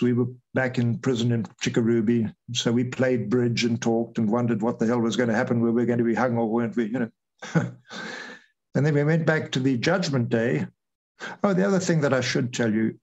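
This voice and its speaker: An older man, a retired air force officer, recounting events as an interview guest, animated and acting out what others said. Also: mid-range voice, poor audio. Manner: lively retelling, acts out quoted voices. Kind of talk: storytelling interview.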